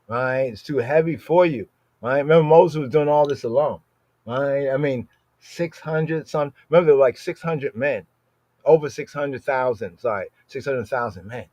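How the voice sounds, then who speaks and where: A man's voice: medium pitch, darkish tone, dry recording. Man teaching scripture, "right?" after every phrase. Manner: conversational, frequent "right?" tag questions; slows down to read verses aloud. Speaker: Bible study teacher.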